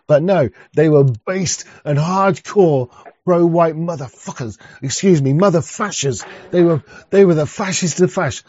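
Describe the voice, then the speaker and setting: A man's voice: high voice, moderate pace, warm tone, slightly rough, no echo. A man hosting a casual talk show who rambles, swears and often restarts his sentences. He sometimes reads text aloud. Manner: rambling and profane, with frequent restarts. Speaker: podcast host. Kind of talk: casual chat and reading aloud. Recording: dull, dry lo-fi recording.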